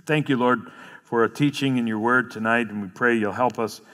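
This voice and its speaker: A man's voice: mid-range voice, fairly even intonation, moderate pace, fairly bright tone. A male pastor preaching a sermon, earnestly explaining verses and repeating key phrases. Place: church sanctuary. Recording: long hall reverb.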